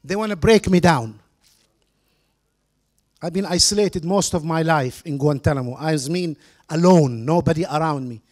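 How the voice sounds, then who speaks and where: Man, fairly high voice, charity fundraiser speech, earnest, persuasive, non-native English grammar, religious phrases. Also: normal speed, long pauses, darkish tone. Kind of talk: public speech with storytelling.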